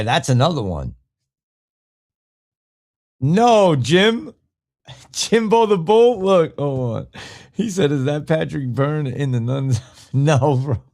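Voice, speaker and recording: A young man hosts a live podcast in a loose, rambling way, swearing freely and answering chat comments as they come in. His pitch bounces around a lot, jumping high whenever he gets worked up. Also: darkish tone. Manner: rambling, profane, reads chat aloud. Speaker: podcast host. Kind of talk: casual live-stream talk.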